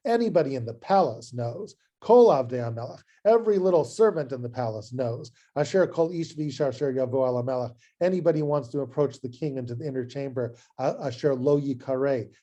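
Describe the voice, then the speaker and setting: A man's voice: on the high side, animated, moderate pace, dark tone, highs cut off. A man doing a hesitant, awkward young queen. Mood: defiant. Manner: hesitant, rambling, apologetic.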